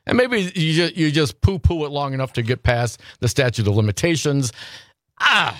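Male radio host, animated and questioning, a bit high-pitched, dry studio sound. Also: moderate pace, no room sound. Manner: animated, rhetorical questions, repeats himself. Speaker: radio talk show host. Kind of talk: casual political talk radio.

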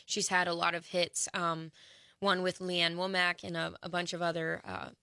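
A woman's voice: fairly low pitch, little pitch movement, normal speed, pushed and bright, smooth, no echo, clean studio sound. A woman musician talking in an interview, thoughtful and hesitant, with many fillers. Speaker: musician guest. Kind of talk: casual interview chat.

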